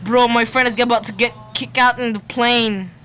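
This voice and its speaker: A gameplay streamer in casual commentary who gets excitable, shouting urgent commands and reading game text aloud. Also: mid-range voice, moderate pace, slight background noise, low-quality recording.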